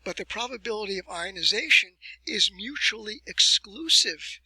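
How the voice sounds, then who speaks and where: A man giving a recorded university lecture, explaining step by step with deliberate emphasis and rhetorical questions. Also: high voice, animated, sharp tone, husky, no echo, poor audio.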